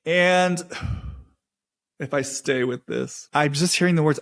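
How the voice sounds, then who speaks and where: A man hosting his own podcast, talking alone in a reflective, halting way and repeating phrases as he searches for words. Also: on the high side, creaky, a bit bright. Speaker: podcast host. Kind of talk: reflective solo monologue.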